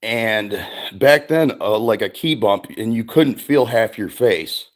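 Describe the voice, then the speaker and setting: A man's voice: on the low side, animated, takes it slowly. A middle-aged man hosting a livestream, telling stories in casual chat, profane and rambling, with many fillers. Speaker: streamer host.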